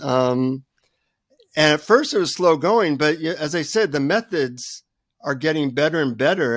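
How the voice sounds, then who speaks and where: An older man, a guest author, telling a self-deprecating story with lively energy in a radio interview. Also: mid-range voice, no room sound, studio quality.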